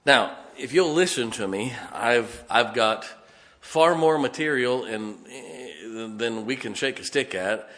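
Male pastor, folksy storytelling sermon, bright voice, long hall reverb. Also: mid-range voice, takes it slowly. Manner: folksy storytelling, self-correcting.

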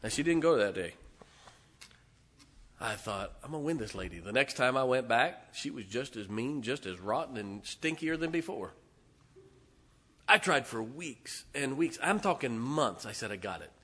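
A man preaching a sermon, telling a story in an animated way with loud bursts and soft asides. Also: medium pitch, measured pace, long pauses.

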